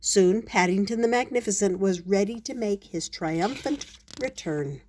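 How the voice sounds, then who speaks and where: Older woman, picture-book reader, gentle storytelling delivery. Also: medium pitch, a little slow. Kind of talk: reading a picture book aloud.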